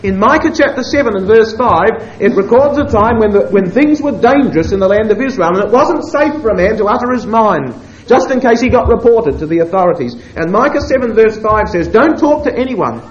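A man delivers a sermon with a high, very lively voice that leaps between hushed asides and loud, slow quotations. The recording is somewhat dull and lo-fi, with faint hiss behind him. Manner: expressive, swings between hushed asides and emphatic quoting. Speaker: preacher.

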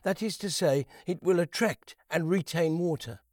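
High-voiced man teaching the Bible. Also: darkish tone, no room sound, clean studio sound. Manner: unhurried, repeats key phrases, asks rhetorical questions.

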